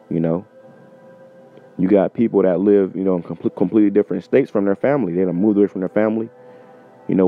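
A man preaching informally between scripture readings, emphatic and profane, often ending phrases with "man". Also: sits low. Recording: tinny phone-like sound with faint music.

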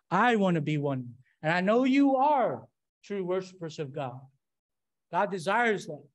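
A preacher delivers a measured, unhurried sermon to a congregation. The delivery is emphatic and regularly pauses for call-and-response. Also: mid-range voice.

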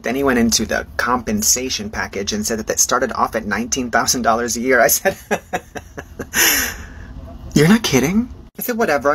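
A man's voice: medium pitch, fairly bright tone, husky, poor audio. Sassy gay man telling petty stories. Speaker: storyteller. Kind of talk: comedic storytelling.

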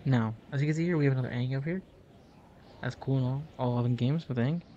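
Mellow-voiced young man rambling over gameplay. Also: medium pitch, fast, muffled recording, slight background noise. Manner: rambling, jokey, self-mocking. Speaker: gaming video host. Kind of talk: casual gameplay commentary.

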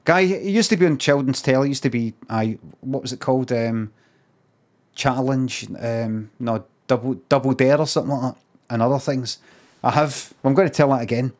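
A Scottish man chatting on a live stream, spinning a loose, rambling anecdote peppered with swearing. His voice sits at an ordinary middle pitch and stays relaxed. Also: moderate pace. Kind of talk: casual storytelling on a live stream.

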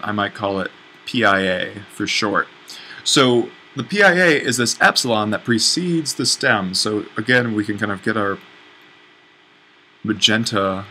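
A man's voice: fairly low pitch, sharp tone, slight background noise, low-quality recording. A man teaching a language lesson at a whiteboard, explaining patiently and correcting himself as he writes. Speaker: Greek instructor.

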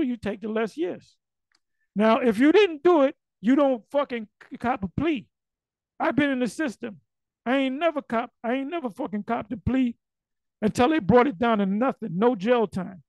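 High, gravelly man, blunt and profane. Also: darkish tone, no room sound, rough recording. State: losing his voice. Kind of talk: casual monologue.

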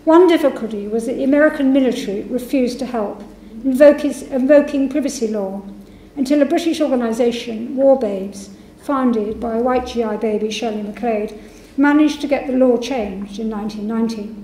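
A woman with a slightly high, warm voice lectures publicly at a university at a moderate pace, hardly pausing. The echoey hall recording carries a little hiss or hum. She reads testimonies aloud, voicing the quoted speakers.

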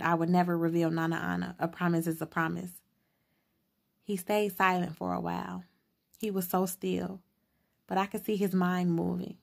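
A woman narrating an audiobook in a steady, unhurried reading. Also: on the low side, creaky. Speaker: audiobook reader.

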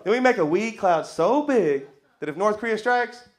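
A man's voice: high voice, expressive, normal speed, background noise. A Texan man doing a stand-up set in a comedy club, drawling and laughing through his own jokes. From Texas. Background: audience laughter.

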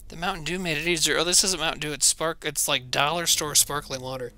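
A man's voice: on the high side, steady tone, fast talker, bright, forceful tone. A man streaming a video game, rambling to his chat in a self-mocking way while he plays. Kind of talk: casual gaming stream chat.

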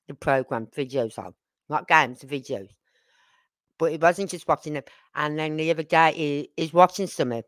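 A woman's voice: low voice, fairly bright tone, no room sound. An older woman hosting a casual live stream, rambling through family stories with frequent asides and questions to her viewers. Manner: rambling, talks straight to viewers with tag questions. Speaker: livestream host.

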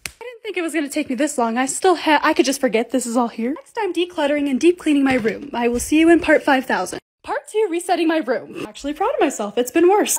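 A woman's voice: high-pitched, a little hiss or hum. A young woman narrating a casual lifestyle vlog, chatty, upbeat and poking fun at herself. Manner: chatty, upbeat, self-mocking. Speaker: lifestyle vlogger. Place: home bedroom and bathroom.

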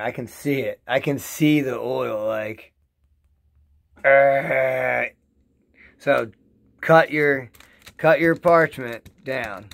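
A man giving a casual, excitable how-to demo in his home basement, rambling and repeating himself as he works. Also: mid-range voice. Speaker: home rosin-press vlogger.

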